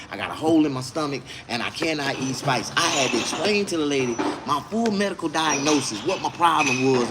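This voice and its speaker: Animated, cursing man ranting. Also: fairly high pitch. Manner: animated, indignant, swearing. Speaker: vlogger. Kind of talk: casual profane rant.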